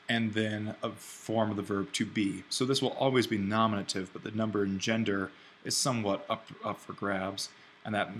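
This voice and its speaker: A man teaching an online Greek grammar lesson, thinking aloud and slowing down to spell out each form. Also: fairly low pitch, a bit bright, a little hiss or hum. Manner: explains step by step, thinking aloud; slows down to spell out Greek forms.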